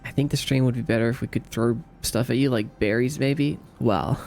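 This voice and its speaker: A young Australian man hosts a casual livestream, reading chat messages out loud and bantering back with light jokes. His mid-pitched voice has a gravelly, fried edge, and soft music plays faintly behind him. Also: steady tone, moderate pace. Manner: playful and easygoing, answers chat with light joking.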